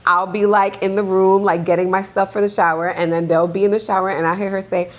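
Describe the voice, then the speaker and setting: A woman co-hosting a podcast, a mother of two young daughters, telling parenting stories in a casual, animated way with lots of "like". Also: medium pitch, fast, hardly any pauses. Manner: animated storyteller, heavy use of "like". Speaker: podcast co-host.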